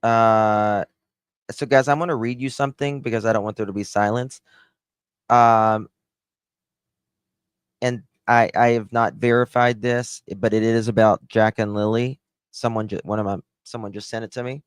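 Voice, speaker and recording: This is a middle-aged man talking his live chat through a crime case, blunt and openly sarcastic. His voice is low-set and smooth, and he speaks slowly and deliberately. The sound is close and dry. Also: fairly even intonation, dry recording. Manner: blunt and sarcastic, dismissive of claims. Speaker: live-stream commentator. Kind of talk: casual true-crime commentary to a live chat.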